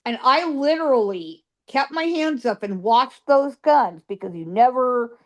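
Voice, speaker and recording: A woman's voice: high voice, expressive, unhurried, few pauses. A woman guest psychic telling ghost stories in an interview, emphatic, piling up repeated words for stress.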